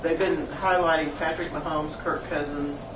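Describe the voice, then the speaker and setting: A man's voice: fairly high pitch, fairly even intonation, moderate pace. A man in a Bible study group, sharing a story earnestly and hesitantly, often repeating himself. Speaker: class member. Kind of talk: casual group discussion. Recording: distant, roomy, noisy lo-fi.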